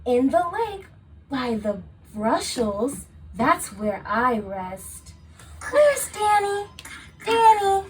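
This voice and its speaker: A woman voicing a friendly duck in a picture book, reading in a slow sing-song way for a toddler. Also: high-pitched, sing-song, recorded from a distance, a little hiss or hum, voice pushed up, heavily acted.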